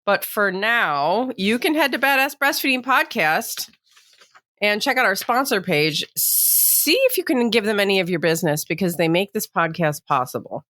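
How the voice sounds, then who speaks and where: A woman's voice: mid-range voice, lively intonation, moderate pace, bright, forceful tone, no echo, studio quality. A woman co-hosting a podcast in casual chat, chatty and self-deprecating, often laughing. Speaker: podcast co-host.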